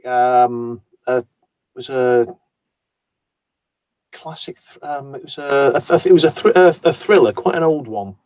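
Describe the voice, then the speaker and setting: A man's voice: mid-range voice, measured pace, pauses often, a little mellow, no room sound. A man who narrates audiobooks, talking in an interview in a thoughtful, self-deprecating way as he explains his work at length. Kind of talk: conversational interview.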